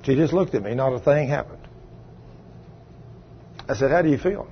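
A man, a pastor preaching a sermon, telling a story in a low voice and then rising loud and emphatic. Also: moderate pace, highs cut off, slight background noise. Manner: swings from low quiet telling to loud raised retelling. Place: church sanctuary.

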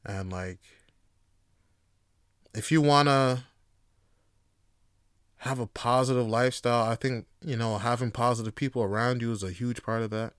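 A man's smooth, resonant voice in a dry, close recording. He rambles through a casual solo podcast, swearing freely and leaning on filler words. When something gets him going, he turns loud and animated. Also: medium pitch, moderate pace, pauses often, dry recording. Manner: loose, rambling and profane, with lots of fillers. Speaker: podcast host.

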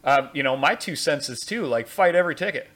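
Casting: podcast host, higher-pitched man, rambling storyteller. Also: expressive, a little fast. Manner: rambling, restarts, candid storytelling. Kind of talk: casual chat.

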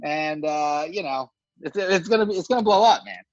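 A man's voice: on the high side, expressive, moderate pace, no echo, lo-fi sound. Joking, swearing podcast co-host man. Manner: profane, jokey, rambling. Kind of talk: casual chat.

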